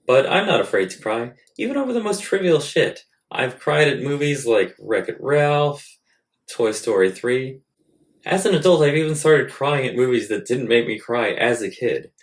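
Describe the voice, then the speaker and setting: A man's voice: medium pitch, lively intonation, normal speed. Crude, self-mocking comic man. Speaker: host. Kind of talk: comedic monologue.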